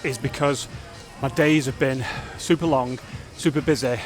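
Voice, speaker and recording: A man talking casually to camera in a fitness vlog, energetic and rambling, reflecting openly on his days. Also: medium pitch, normal speed, soft background music. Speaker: fitness vlogger.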